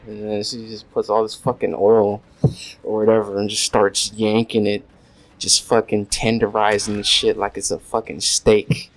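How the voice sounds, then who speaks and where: This man speaks at a normal speed in a lowish, flat voice, telling a crude, rambling story full of curses and filler while he games at home. The low-quality recording was made on a desk USB mic, with faint background noise and mouse clicks.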